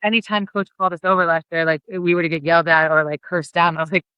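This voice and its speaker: A woman basketball coach talking candidly in a podcast interview, earnest and quick, with lots of "like" and restarts. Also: lowish voice, flat delivery, smooth, dry recording, dull audio. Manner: rapid and earnest, heavy use of "like", with frequent restarts. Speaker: college basketball head coach.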